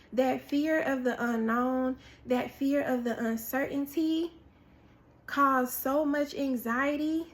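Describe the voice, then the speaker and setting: Female preacher, high voice, unhurried sermon delivery, dramatic repetition. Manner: animated storytelling with acted-out quotes, repetition for emphasis. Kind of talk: prophetic word, sermon-style.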